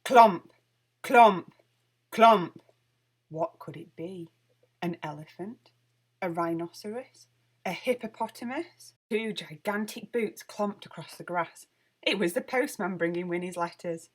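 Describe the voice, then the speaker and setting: A woman reading a children's picture book aloud with lively, expressive storytelling. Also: lowish voice, unhurried, breathy edge. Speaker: storybook reader.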